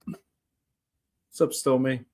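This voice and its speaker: A man's voice: drawn-out words, a little mellow. A man hosting a casual weather live stream from home, chatty and self-mocking, greeting viewers one by one. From United Kingdom. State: just over a cold. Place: home room with cats and laptop. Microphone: laptop live stream.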